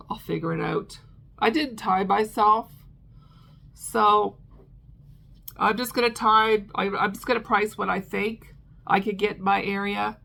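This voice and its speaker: A woman's voice: mid-range voice, creaky, pushed and bright. A middle-aged woman vlogger chatting casually about her crochet, with frequent ums and restarts. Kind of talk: casual chat.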